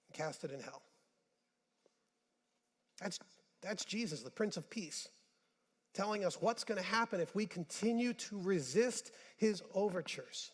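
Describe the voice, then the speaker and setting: A male pastor preaching a sermon in a church, conversational with joking asides, swinging between hushed and emphatic. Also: high-pitched, lively intonation, measured pace, pauses often. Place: church sanctuary. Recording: church hall with long reverb.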